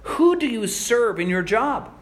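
A male pastor preaching a sermon, asking rhetorical questions and telling stories in an animated way. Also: very high-pitched, unhurried.

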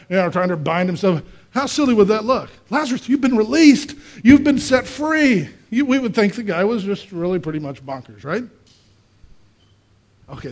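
A male pastor preaching a conversational sermon, asking the congregation questions and swinging between quiet and loud. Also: sits high. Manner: acts out voices in quotes, swings from quiet to loud.

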